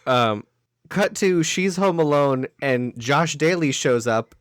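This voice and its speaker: A man with a slightly raised pitch chats casually as a podcast co-host. His recap is full of sarcastic, deadpan asides. The sound is very dry and close, with no room echo. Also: slow. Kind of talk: casual movie recap chat.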